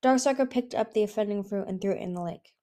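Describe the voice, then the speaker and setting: A woman narrating a fantasy storybook in a steady, even reading voice. She now and then trips over a word and restarts, keeping a homemade feel. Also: mid-range voice, quick pace. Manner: even, occasionally stumbling reading. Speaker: audiobook reader.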